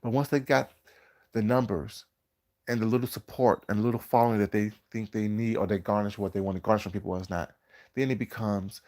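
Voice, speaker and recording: A man hosting a live stream, talking in a groggy morning voice in a drawn-out, preachy way and greeting viewers in the chat. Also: fairly low pitch, steady tone, a little mellow. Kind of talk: casual live-stream commentary.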